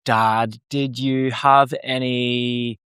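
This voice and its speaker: An Australian man hosting a podcast, relaxed and conversational, swearing now and then. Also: medium pitch, very slow, clean tone, dry recording, clean studio sound. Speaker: podcast host. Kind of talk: casual interview chat.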